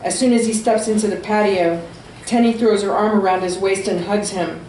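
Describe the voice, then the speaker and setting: A woman reading her own fiction aloud at a small venue, with steady, expressive storytelling. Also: mid-range voice, moderate pace, roomy sound, a little hiss or hum, rough recording. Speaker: author.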